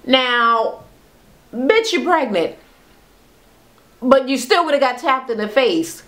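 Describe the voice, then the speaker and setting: A woman giving a casual reality TV recap, blunt and profane, with slangy, animated commentary. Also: high-pitched, a little slow. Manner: animated retelling, acts out quotes; slangy, conversational.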